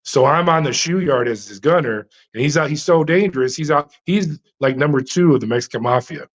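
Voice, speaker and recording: A middle-aged man telling his story as an interview guest, animated, full of fillers and restarts. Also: fairly high pitch, fairly quick, dull audio. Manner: frequent fillers and restarts, dramatic retelling. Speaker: interview guest, former prison officer.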